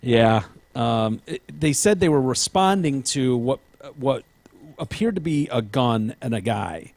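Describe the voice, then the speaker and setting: A man talks in a loose, meandering podcast chat, hedging his points and filling gaps with "um." His voice sits at an ordinary middle pitch for a man. The recording is dry and close, with no room echo. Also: animated, a little slow, a little mellow. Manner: rambling, hedging, lots of ums. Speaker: podcast host. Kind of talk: casual chat.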